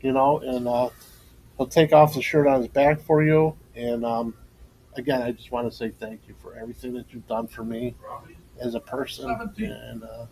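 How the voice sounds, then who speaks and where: A man's voice: medium pitch, steady tone, normal speed, creaky, a little mellow, slight background noise, low-quality recording. A middle-aged man, co-host and former coach, telling stories in a casual podcast chat, laughing often and turning emotional in a tribute.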